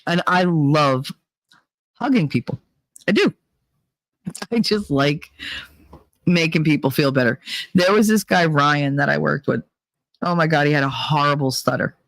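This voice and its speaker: A woman's voice: low voice, unhurried, long pauses, no echo. A woman hosting a podcast, telling stories in a chatty, laughing way and swearing freely. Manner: chatty and animated, swearing, laughing, squealing acted-out quotes. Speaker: podcast host. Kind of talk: casual storytelling monologue.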